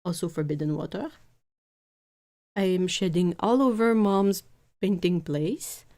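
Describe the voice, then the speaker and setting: A woman voicing her female house cat as a big mischievous baby, speaking slowly in a babyish first-person voice. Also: lowish voice, a little mellow, close to an everyday voice.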